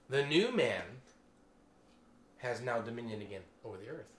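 A man preaching a casual sermon to a small group, animated and chatty, exclaiming as he tells stories. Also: mid-range voice, normal speed, pauses often, echoey room.

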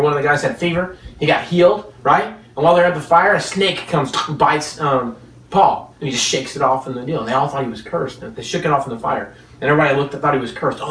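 A man with a somewhat high, slightly bright voice preaches a sermon built around stories, dropping rhetorical questions and chuckling between points. The room is echoey and the mic sits at a distance.

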